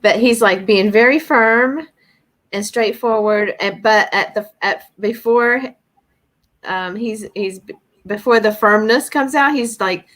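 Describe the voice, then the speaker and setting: A woman on a spiritual group video call, softly sharing a vision and searching for words. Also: a little high. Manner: soft, slow, searching for words. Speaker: channeling participant.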